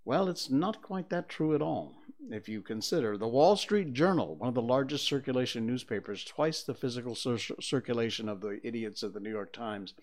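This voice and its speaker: Older man, talk show host, middling pitch, rambling, opinionated, lots of fillers, studio. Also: animated, moderate pace. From Connecticut. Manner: conversational, digressive, with many fillers.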